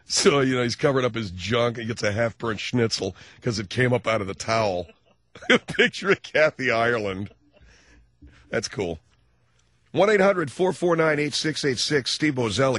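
A man hosting a call-in radio talk show, joking loosely and laughing easily, hoarse from laryngitis. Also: lowish voice, fairly bright tone, no echo.

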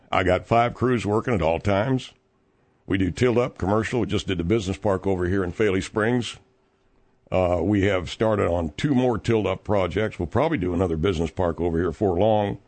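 Man doing a low-voiced, rambling middle-aged construction boss, petty and stammering, radio comedy bit. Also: darkish tone. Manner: rambling, stammering, easily aggrieved. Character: blustering male concrete contractor, petty and long-winded. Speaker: guest host filling in on a radio show. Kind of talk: comedic radio call-in monologue.

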